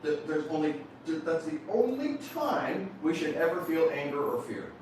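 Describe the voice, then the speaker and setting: A man leading a motivational workshop, lively and questioning his audience, often telling them to write points down. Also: a little high, moderate pace, slight background noise. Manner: animated, questions the audience, repeats instructions. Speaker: seminar speaker. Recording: echoey room from far off.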